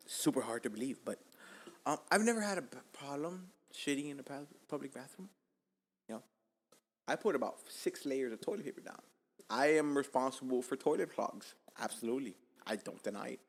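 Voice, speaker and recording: A man from Miami telling a casual, profane story as podcast host, jumping from loud bursts to hushed asides. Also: fairly high pitch, expressive, normal speed, long pauses, long reverb tail.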